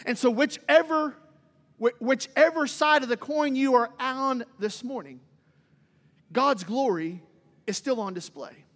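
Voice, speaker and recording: Man, pastor, sermon, very high voice, dramatic emphasis, echoing church hall. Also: measured pace, fairly bright tone. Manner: preaching with dramatic emphasis, voicing Bible figures. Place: church sanctuary. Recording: long reverb in a hall.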